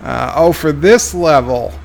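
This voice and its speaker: A man streaming a game reads viewer chat aloud and answers with dry, offhand remarks. His voice sits a little higher than most men's and carries a gravelly fry. He sounds tired. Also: a little slow. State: tired, yawning. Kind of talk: casual live-stream commentary.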